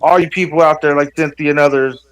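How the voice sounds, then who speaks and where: A man rambling excitedly on a livestream panel, with lots of stammered restarts. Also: a little high, fast talker, clear, resonant tone, no echo, poor audio. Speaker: panel guest.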